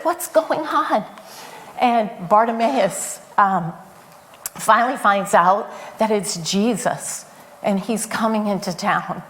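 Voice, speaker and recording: A woman preacher giving a sermon, telling the story in a conversational way with frequent fillers. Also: mid-range voice.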